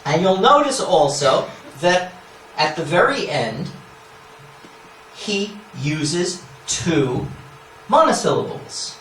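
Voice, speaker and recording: A man's voice: fairly high pitch, big pitch swings, takes it slowly, pauses often, a bit bright, a little hiss or hum. A man giving an academic lecture, explaining scholarly points with asides and frequent "yeah?" checks to the audience. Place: lecture hall. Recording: echoey lecture hall, mic at a distance.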